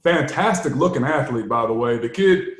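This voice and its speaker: A man who played the game, chatting casually and telling lively stories with laughs. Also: medium pitch, normal speed, echoey room. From United States. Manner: animated storyteller, laughs often. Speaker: podcast co-host, former player. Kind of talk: casual chat.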